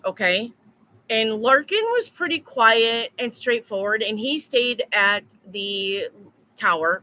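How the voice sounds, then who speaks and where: A woman's voice: mid-range voice, sharp tone, slight background noise, low-quality recording. A woman reading tarot in a casual live stream, telling stories bluntly with plenty of swearing. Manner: blunt, profane storytelling. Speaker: tarot reader.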